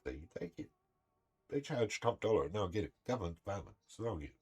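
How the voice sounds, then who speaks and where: A man's voice: lowish voice, sing-song, quick pace, a little mellow, breathy edge. A man, a gaming streamer casually telling a story in a blunt, swearing, heated way. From New Zealand.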